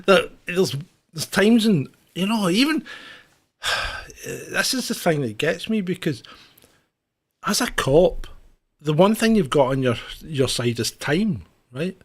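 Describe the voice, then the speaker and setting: A man co-hosting a comedy news podcast, often laughing and rambling through asides. His voice sits high and swings widely in pitch. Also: animated, takes it slowly, pauses often. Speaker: podcast co-host. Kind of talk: casual banter.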